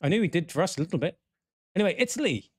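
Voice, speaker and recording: A man's voice: sits high, rapid-fire, slightly rough, no room sound, clean studio sound. A man hosting a casual football chat show, ranting with exasperation and the odd swear word. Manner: animated, swearing, exasperated rants. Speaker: podcast host.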